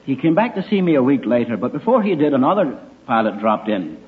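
A man's voice: medium pitch, very animated, quick pace, a little hiss or hum. An older man giving an emphatic evangelistic talk to young people, full of wry rhetorical questions. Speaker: speaker addressing young people. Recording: tinny phone-like recording.

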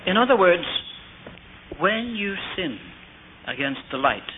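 A man's voice: high-pitched, big pitch swings, slow. A middle-aged man preaching a sermon, telling a personal story and asking rhetorical questions. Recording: tinny phone-like old tape with faint hiss.

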